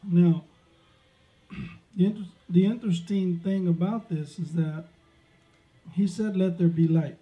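A man's voice: high voice, unhurried, pauses often. A man preaching a sermon, emphatic and peppering his words with amens and praise. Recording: dull lo-fi sound.

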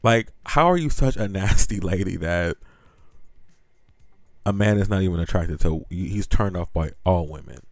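A man's voice: deep voice, moderate pace, gravelly, no echo, faint music behind. A man hosting a podcast, ranting and gossiping in a sassy, blunt, profane way and laughing often as he talks. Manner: animated, sassy, laughs often while talking. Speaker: podcast host.

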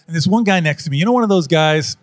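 A fast, animated man tells stories in an interview, his pitch swinging high and low as he gets worked up. He talks emphatically and slips into other people's voices to act out a scene. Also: soft background music. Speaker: wildlife photographer guest.

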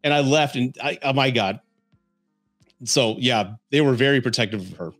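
A man's voice: medium pitch, normal speed, fairly bright tone, dry recording, soft background music. Chuckling storyteller man from San Antonio. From San Antonio, Texas, US. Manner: chuckles often while telling stories. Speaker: podcast host. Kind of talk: casual storytelling and dating advice.

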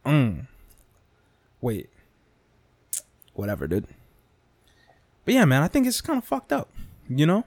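A man hosts his podcast in a profane comedic rant, swearing heavily and tagging lines with "dude" and "okay?". His mid-range voice is darkish and husky, with huge pitch swings, a slow pace, and frequent pauses. He's recorded dry and close on a desk mic without a pop filter.

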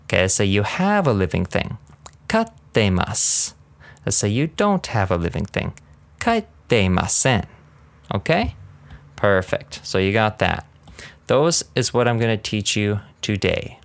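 A man giving a casual podcast language lesson, rambling and laughing often, drilling words slowly. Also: lowish voice, big pitch swings, creaky, dry recording. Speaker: language teacher.

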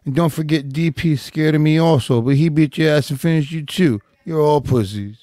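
A man's voice: a little high, normal speed, warm tone, no room sound, studio quality, lightly acted. A man impersonating a defiant male fighter who hurls blunt, slangy insults. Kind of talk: podcast impression bit.

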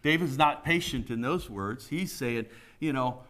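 A man's voice: on the high side, animated, moderate pace, fairly bright tone. A middle-aged man preaching a conversational sermon, folksy and emphatic, often putting questions to the congregation.

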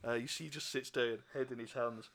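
Man, game master, loose chuckling narration, bright tense tone, gravelly. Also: medium pitch, steady tone, brisk.

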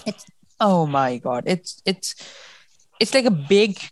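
A woman's voice: on the low side, lively intonation, slow pace, no echo. A woman co-hosting a casual book discussion, talking emotionally and often restarting as she reacts to the story. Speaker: podcast co-host.

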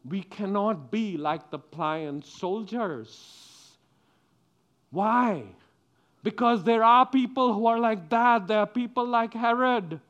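A man's voice: high-pitched, takes it slowly, a bit bright, lo-fi sound. A middle-aged man giving a children's sermon, telling the story with animation and asking the children questions. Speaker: preacher.

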